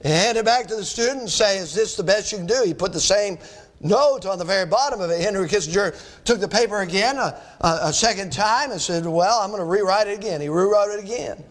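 A man's voice: high-pitched, brisk, fairly bright tone. A man preaching a sermon to students in a hall, emphatic, repeating phrases and asking the crowd questions. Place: church or school hall before a live audience.

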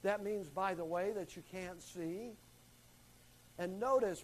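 A middle-aged man preaching and teaching, reading scripture slowly with strong emphasis and shifts in volume. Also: high voice, poor audio. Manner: emphatic, varies volume and slows for stress on scripture. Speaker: pastor teaching a class. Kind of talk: sermon teaching.

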